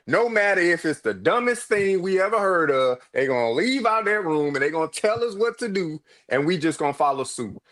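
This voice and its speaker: Male sports co-host: a touch high, deliberate, emphatic opinions, reads viewer comments. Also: very animated, a bit bright. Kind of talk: casual sports talk show.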